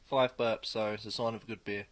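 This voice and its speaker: A man giving a casual, rambling beer tasting review, pausing often as he thinks aloud. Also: fairly low pitch, flat delivery. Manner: rambling, hesitant, many pauses.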